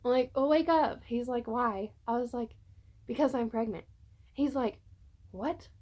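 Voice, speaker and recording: A woman's voice: on the high side, fairly even intonation, measured pace, a little mellow. A young woman chatting casually to her phone camera at home, telling a personal story with many fillers. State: tearful at times. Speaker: vlogger. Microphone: phone on a tripod.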